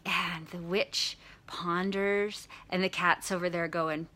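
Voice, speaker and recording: A woman hosting a short video, retelling a children's story in an animated, chatty way. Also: on the low side, takes it slowly. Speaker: host.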